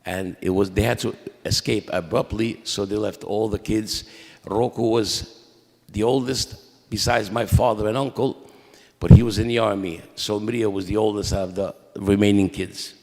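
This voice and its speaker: Gravelly low man in an echoey church. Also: fairly even intonation, a little mellow. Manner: conversational, halting with restarts and quoted dialogue. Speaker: eulogy speaker at a memorial mass. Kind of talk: storytelling family history.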